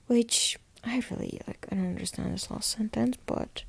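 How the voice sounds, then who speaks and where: Chatty woman with a dark, gravelly voice. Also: mid-range voice, steady tone, normal speed, few pauses, no room sound. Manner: chatty, filler-heavy retelling with quoted dialogue. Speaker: podcast host. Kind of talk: casual episode recap.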